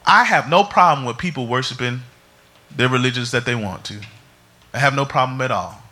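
Animated preacher man with bright voice. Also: medium pitch, fairly quick. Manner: animated, humorous storytelling preacher. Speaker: pastor. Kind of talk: sermon.

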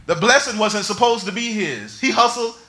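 A man preaching a sermon, swinging between shouts and near whispers. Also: high-pitched. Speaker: pastor.

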